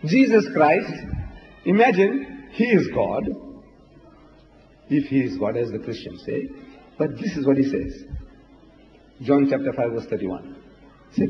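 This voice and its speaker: A man's voice: mid-range voice, sing-song, a little slow, long pauses. A man giving an impassioned debate lecture, retelling scripture with acted quotes and rhetorical questions, in an archival recording from a large hall. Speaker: debate speaker. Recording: dull, echoey hall with long reverb and faint noise, archival.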